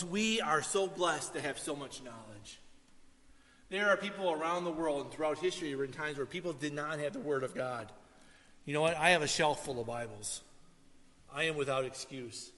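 A male pastor, preaching a sermon in a relaxed, storytelling way with asides to the congregation. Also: medium pitch. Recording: long hall reverb.

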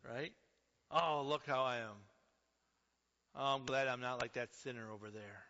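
A man preaching with a bright, forceful edge to his voice, moving from loud declarations down to hushed asides. He sounds dull and lo-fi, carried by a long reverb that trails off each phrase as if he is in a large hall. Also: medium pitch, normal speed, pauses often. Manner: impassioned, swinging from loud to hushed. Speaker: pastor. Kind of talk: sermon.

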